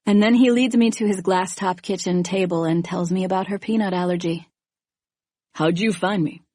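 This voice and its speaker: A woman narrating a first-person thriller audiobook in a measured, even storytelling manner. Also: mid-range voice, dry recording, studio quality.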